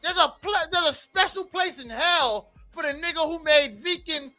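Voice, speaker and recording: A man co-hosting a morning radio show, ranting comedically and swinging from loud outbursts to low mutters. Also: normal speed, faint music behind. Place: radio studio. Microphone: studio microphone.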